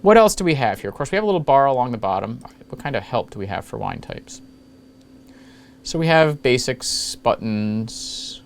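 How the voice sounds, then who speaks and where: A man's voice: medium pitch, big pitch swings, moderate pace. Jokey rambling man, faint hiss. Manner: jokey, rambling, self-mocking asides. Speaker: retro computing video host. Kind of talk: casual screen-capture walkthrough.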